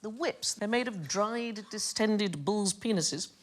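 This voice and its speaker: A woman hosting a comedy panel quiz in a TV studio, a lively storyteller who teases the audience. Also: medium pitch, takes it slowly. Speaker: quiz show host.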